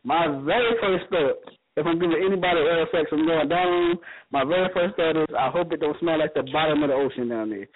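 A man co-hosting a casual call-in talk show, hurried and cutting in to keep things moving. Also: fairly high pitch, a little hiss or hum. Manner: hurried, keeps cutting in to move the show along. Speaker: co-host. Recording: tinny phone-line audio.

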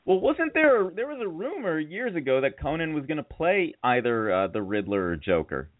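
A man's voice: fairly high pitch, big pitch swings, moderate pace, dry recording. A man hosting a radio show, chatting casually and teasing his co-host. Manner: joking, teasing. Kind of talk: casual chat. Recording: tinny phone-like sound.

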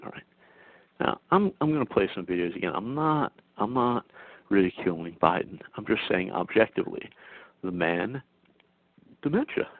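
A man's voice: on the low side, expressive, moderate pace, pauses often, no room sound. A male host giving an insistent political commentary monologue, full of stammering restarts. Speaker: talk show host. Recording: dry tinny phone-like sound.

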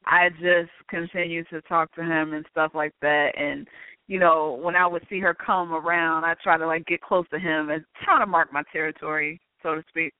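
A man's voice: on the high side, steady tone, moderate pace, clear, resonant tone, dry recording. A man speaking as a guest on a call-in show, earnestly and reflectively recounting a personal experience. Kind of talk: candid personal account. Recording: tinny phone-line sound, dry.

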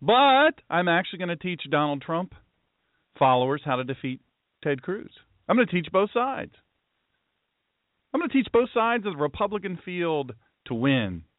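A man's voice: sits high, big pitch swings, moderate pace, dry recording. A man from the US East Coast, a pastor hosting his own talk show, joking sarcastically and slipping into mock-serious asides, his throat tired and sore. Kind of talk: solo talk-radio monologue. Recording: dry, phone-like narrow sound.

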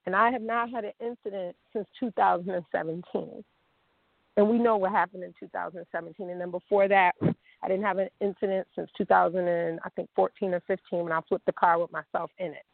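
A woman's voice: fairly low pitch, fairly even intonation, fairly quick, gravelly, no room sound. A woman vlogger in a blunt, profane, confrontational unscripted rant, calling someone out. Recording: dry, tinny phone-like sound.

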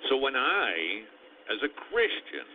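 A man's voice: medium pitch, wildly swooping pitch, slow. A man hosting a radio talk show, thinking aloud and acting out imagined quotes. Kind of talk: conversational radio commentary. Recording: tinny phone-like radio audio with faint noise.

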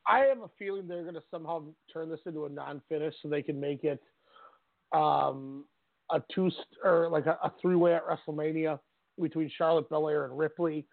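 A man's voice: on the high side, steady tone, fairly quick, gravelly, dry recording. A man co-hosting a sports radio show, giving strong opinions on wrestling and laughing easily. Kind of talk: casual wrestling talk. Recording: tinny phone-line sound.

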